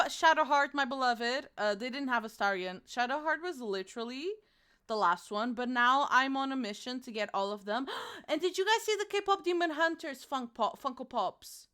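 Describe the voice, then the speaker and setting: A woman's voice: sits high, pushed and bright, smooth. A young woman streaming from her home, chatting casually and playfully with her chat and swearing freely.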